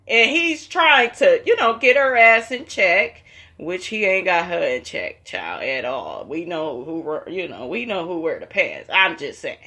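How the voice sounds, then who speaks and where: A woman's voice: on the high side, sing-song, moderate pace, pushed and bright. Sassy gossiping woman. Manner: sassy, profane, slangy with "honey" and "child". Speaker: vlogger recapping a reality show. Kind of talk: casual gossipy recap.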